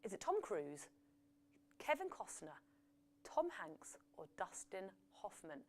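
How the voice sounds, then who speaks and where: A woman's voice: mid-range voice, wildly swooping pitch, slow, a little mellow. A woman hosting a live quiz, reading out questions and results with chatty, jokey asides. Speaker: quiz host.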